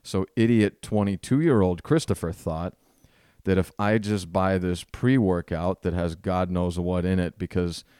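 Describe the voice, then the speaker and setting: A man with a low, smooth voice chats through a comic story about himself. He rambles and mocks his younger self with easy energy. The sound is close and dry. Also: a little slow, no room sound. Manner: self-deprecating, rambling, animated. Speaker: podcast host. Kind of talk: casual comedic storytelling monologue.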